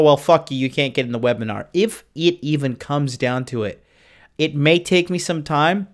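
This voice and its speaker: Profane, rambling male livestream host. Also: on the high side. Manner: profane, rambling, loose and boastful. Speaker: dating coach and livestream host. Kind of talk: casual livestream chat, reading viewer comments. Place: his home in Tokyo.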